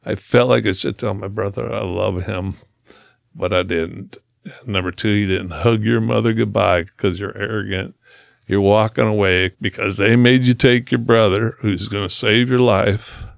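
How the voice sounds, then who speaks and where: A man speaking as a podcast guest, telling his own story in earnest conversation and slowing down to stress key moments. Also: fairly low pitch, fairly even intonation, vocal fry, dry recording, clean studio sound.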